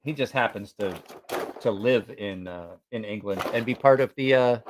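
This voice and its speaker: A man's voice: on the low side, moderate pace, a little hiss or hum. A man casually telling a story to his stream viewers, rambling and swearing, on a sensitive mic with headphones. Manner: rambling, swears freely, many restarts and laughs. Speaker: live streamer.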